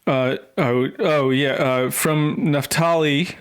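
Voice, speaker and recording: Slow-talking male co-host, hesitant and halting, casual comedic podcast chat. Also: on the high side, fairly even intonation, smooth. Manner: hesitant, halting, repeats words, puts on joke accents.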